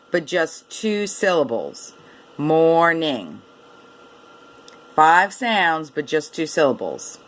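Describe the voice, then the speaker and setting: A woman teaching a reading lesson to children, repeating each word and sounding it out letter by letter in a slow, deliberate way. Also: low voice, fairly bright tone.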